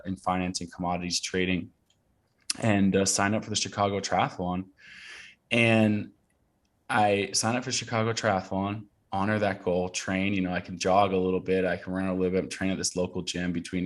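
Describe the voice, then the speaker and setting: Lowish guy in his 30s from oregon, storytelling on a podcast, lots of ums and restarts. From Portland, Oregon. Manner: earnest and animated, with many fillers and restarts. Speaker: guest. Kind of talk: casual storytelling in an interview.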